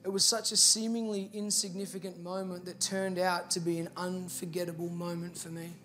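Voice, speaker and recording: A man's voice: sits high, flat delivery, fairly quick, fairly bright tone, faint music behind. A man with an Australian accent, a pastor telling a personal story in a sermon and building to earnest, emphatic appeals. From Victoria, Australia.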